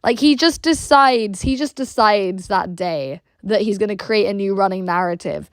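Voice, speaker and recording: A woman from Russia with an English accent talks on her livestream, answering viewers bluntly and crudely in a loose, rambling flow full of "like". Her voice sits at an ordinary middle pitch. The recording is close and completely dry. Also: normal speed, smooth, no echo. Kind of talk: casual livestream chat, reacting to viewer messages.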